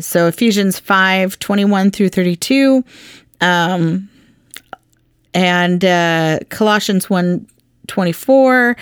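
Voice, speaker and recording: A woman's voice: medium pitch, smooth, no room sound, clean studio sound. A woman hosting a Bible teaching podcast, talking in a chatty, earnest way with lots of ums and restarts.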